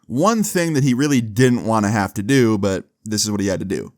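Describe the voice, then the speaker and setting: A storyteller vlogger with a fairly low male voice spins a casual, laid-back tale, swearing often and saying "like" a lot. He's expressive, a bit quick and slightly mellow, and the sound is dry and close with no room echo.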